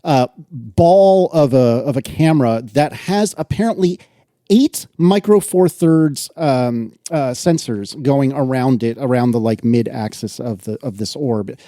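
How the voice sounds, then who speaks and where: A man's voice: medium pitch, measured pace, dark tone, dry recording, clean studio sound. A man co-hosting a casual tech podcast, reading listener letters aloud and laughing often. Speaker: podcast co-host.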